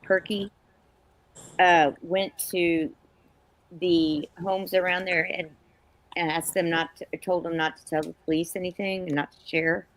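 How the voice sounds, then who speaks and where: Brief: female panelist, lowish voice, tentative, corrects herself often. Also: flat delivery, measured pace, low-quality recording. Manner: hesitant, many fillers and self-corrections. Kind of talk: casual panel discussion.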